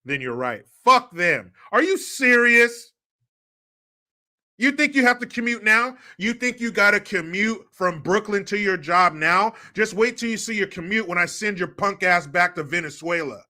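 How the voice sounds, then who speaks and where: Male stream host for a sarcastic live rant; high voice, heavy mockery, swears freely. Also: expressive, normal speed, sharp tone. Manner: sarcastic, mocking, profane ranting. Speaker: livestream commentary host.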